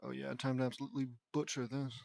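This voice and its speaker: A man's voice: medium pitch, flat delivery, quick pace, creaky, darkish tone, no room sound, studio quality. A man reading fan fiction aloud as an audiobook, breaking off into sarcastic, self-mocking asides. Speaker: audiobook reader.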